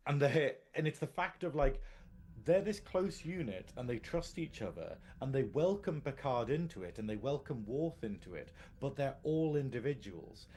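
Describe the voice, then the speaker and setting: A man's voice: mid-range voice, animated, moderate pace, a little mellow, slight background noise. A man co-hosting a casual live podcast, rambling and restarting his sentences, laughing often. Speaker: podcast co-host.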